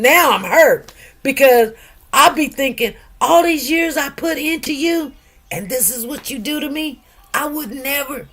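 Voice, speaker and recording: A middle-aged woman, hosting a casual livestream and talking straight to her listeners with lots of emphatic asides. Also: sits high. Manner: chatty, emphatic, addresses listeners directly with frequent asides. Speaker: livestream host.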